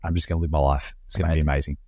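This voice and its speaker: A man's voice: a bass voice, flat delivery, very fast, mellow, dry recording, clean studio sound. A man with an Australian accent co-hosting a podcast from home, chatting casually, swearing freely and calling his co-host mate. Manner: laid-back, swears casually, says mate often. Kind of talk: casual chat. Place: home, Perth.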